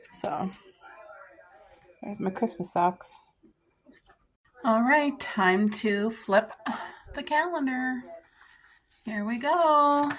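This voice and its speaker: A woman's voice: medium pitch, fairly bright tone, a little hiss or hum. Chatty middle-aged woman vlogging at home. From Canada. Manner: chatty, homey, apologetic asides. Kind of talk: casual home vlog.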